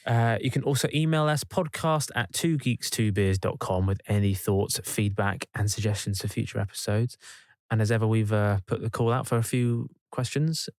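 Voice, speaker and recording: A man's voice: lowish voice, steady tone, normal speed, darkish tone, no echo. A man co-hosting a podcast, casually reading out where to find the show and joking with his partner. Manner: easygoing, joking, plugs the show. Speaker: podcast co-host. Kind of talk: casual podcast outro chat.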